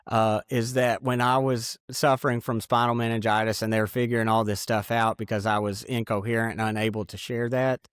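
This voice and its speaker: A man giving an earnest, halting personal testimony in an interview. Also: mid-range voice, little pitch movement, smooth, dry recording, clean studio sound.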